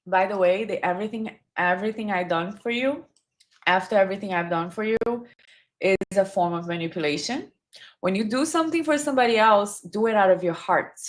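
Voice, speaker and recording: Brief: woman streamer, conversational live commentary, mid pitch. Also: fairly quick. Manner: chatty, reads viewer comments aloud. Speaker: true crime commentary streamer.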